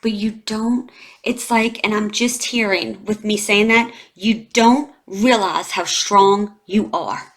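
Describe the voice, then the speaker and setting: A woman's voice: medium pitch, takes it slowly. A woman in her forties, a tarot reader talking to camera in a heartfelt, confiding way, emotional and close to tears, with many "you know" fillers. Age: 40s. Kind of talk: emotional tarot reading vlog.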